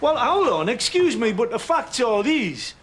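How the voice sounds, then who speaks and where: A man's voice: extremely high pitch, sing-song, measured pace, a little hiss or hum, full character voice. An actor with a Geordie accent playing a brash, pushy working man in a TV drama. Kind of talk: TV drama acting.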